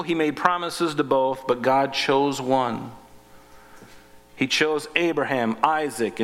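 A man with a bright, forceful voice preaches a sermon, reading scripture passages and pausing to comment on them. His voice rings out in a hall with long reverb, sitting a little higher than most men's. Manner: reads scripture aloud, breaks in with asides.

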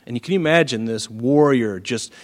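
A male preacher explains scripture verse by verse, telling the story with animated, emphatic delivery. His voice sits at a middle pitch. Long reverb from a large hall follows each line. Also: normal speed. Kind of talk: sermon, Bible exposition. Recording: echoey hall.

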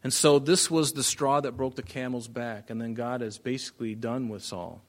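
A man's voice: medium pitch, normal speed. Man teaching the Bible casually. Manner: casual, joking asides, frequent restarts. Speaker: pastor.

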